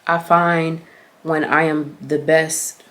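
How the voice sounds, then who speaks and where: Low-voiced young woman vlogging, earnest and rambly, lots of ums. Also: little pitch movement, slow, fairly bright tone. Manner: earnest, reflective, rambling with many fillers. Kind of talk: casual advice chat.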